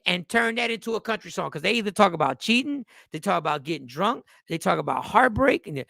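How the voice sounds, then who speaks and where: High, gravelly man riffing casually. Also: a little fast, dry recording, studio quality. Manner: animated, joking, swearing, reads chat comments aloud. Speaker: host. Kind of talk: casual comedic commentary.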